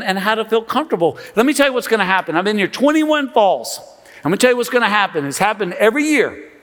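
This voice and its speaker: Middle-aged pastor preaching in a reverberant sanctuary. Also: male voice, high-pitched. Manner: conversational and animated, with sarcastic asides and frequent restarts. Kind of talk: sermon. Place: large church sanctuary. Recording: long reverb of a large church hall.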